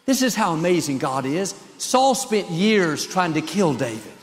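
A man's voice: fairly high pitch, animated, normal speed, in a large hall. A male pastor preaching a sermon with an emphatic, repetitive cadence.

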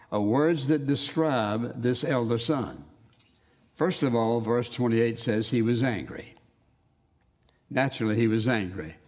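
A man preaching a sermon, reading scripture aloud and stressing key words with slow emphasis. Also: mid-range voice, darkish tone. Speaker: pastor. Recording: long hall reverb.

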